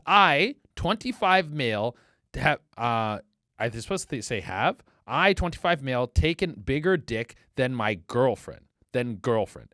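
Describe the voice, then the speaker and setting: A man in his thirties hosting a comedy podcast, rambling crudely and excitably and jumping into silly voices. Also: mid-range voice, no room sound, clean studio sound. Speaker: podcast host.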